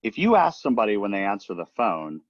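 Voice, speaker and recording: A man's voice: lowish voice, very animated, fast, dry recording, highs cut off. A man giving a casual training talk on recruiting, chatty and often checking in with the listener. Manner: chatty, leans on "right?" and "um" as he talks. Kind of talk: casual presentation.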